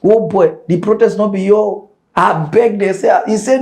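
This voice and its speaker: Male comic news host, Nigerian pidgin accent, high voice, playful whispers and shouts. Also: moderate pace. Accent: Nigerian Pidgin English. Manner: animated, jokey, shifts between whispers and shouts.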